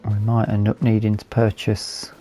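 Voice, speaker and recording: A man with a hoarse, fading voice, calmly commentating a game as he plays and thinking aloud with fillers. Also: lowish voice, moderate pace, faint music behind. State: losing his voice. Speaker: gaming video host.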